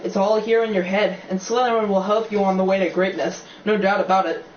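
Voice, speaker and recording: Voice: mid-range voice, steady tone, a little fast, a little hiss or hum, lightly acted. Reader doing an old magic talking hat, thoughtful and probing, dull distant roomy recording. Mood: musing. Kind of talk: amateur audiobook reading.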